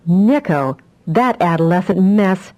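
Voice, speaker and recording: A woman voicing a dramatic, quick-tempered young woman telepath in an audiobook. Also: lowish voice, expressive, dark tone, lo-fi sound. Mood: indignant.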